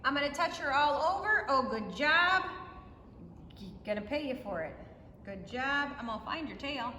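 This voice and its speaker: A woman's voice: sits high, expressive, normal speed, sharp tone, a little hiss or hum. A woman dog trainer teaching a puppy class, explaining to viewers while she praises and rewards a puppy. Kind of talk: instructional demo. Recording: echoey room, faint ambience.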